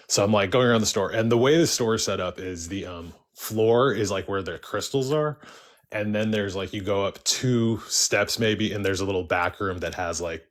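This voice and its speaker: Low-voiced man, casual call-in storyteller, rambling with constant filler words. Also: fairly bright tone. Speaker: caller sharing a story on a live stream. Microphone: live stream call-in.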